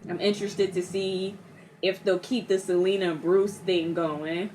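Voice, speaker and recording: A young woman giving a casual movie reaction, animated, laughing often and acting out characters in quick voices. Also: lowish voice. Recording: steady background noise.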